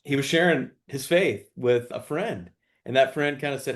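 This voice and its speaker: A middle-aged man, a father, telling a story in an interview with earnest warmth and acting out quoted dialogue. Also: medium pitch, lively intonation, normal speed. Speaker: guest, father.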